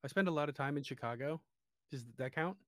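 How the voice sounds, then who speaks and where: A man's voice: a little high, fast talker, no echo. Laid-back East Coast man, dry sound. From New Jersey, US East Coast. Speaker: guest. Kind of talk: casual chat.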